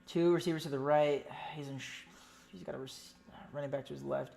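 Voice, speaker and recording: A fan streaming their own play-by-play of a game, excitable and pleading, jumping between loud outbursts and quiet muttered commentary, with frequent swearing. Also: medium pitch, brisk, vocal fry. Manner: swears often. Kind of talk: amateur live stream commentary.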